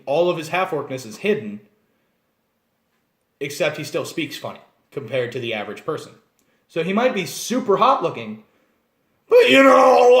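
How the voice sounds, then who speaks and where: Animated man explaining tabletop game races. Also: on the high side. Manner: animated, digressive, acts out scenes. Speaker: channel host. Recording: roomy echo.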